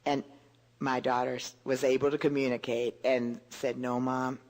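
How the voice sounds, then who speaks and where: An older woman giving an earnest, gentle devotional talk to women, often repeating words as she searches for the next one. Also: extremely low pitch, flat delivery, moderate pace. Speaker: women's Bible teacher.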